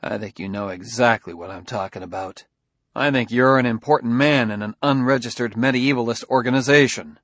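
A man's voice: mid-range voice, fairly quick, a bit bright, no echo, close to an everyday voice. A man doing a firm, needling detective. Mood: probing. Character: shrewd, dry-humored male detective.

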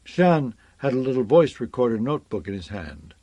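A man narrating a science fiction novel in a measured, expressive reading. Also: mid-range voice, no echo. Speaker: audiobook narrator.

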